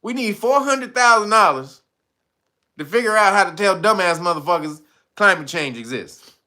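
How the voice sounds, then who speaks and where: A man's voice: sits high, lively intonation, moderate pace, bright, forceful tone. A man hosting his own channel, giving mocking comedic commentary, laughing often and swearing freely. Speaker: channel host.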